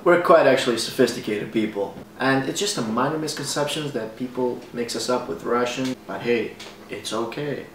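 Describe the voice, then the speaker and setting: A young man from Bosnia, delivering a jokey deadpan comedy monologue straight to the camera. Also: mid-range voice, moderate pace. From Bosnia and Herzegovina. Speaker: comedy vlogger. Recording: echoey room with faint background noise, voice a bit off-mic.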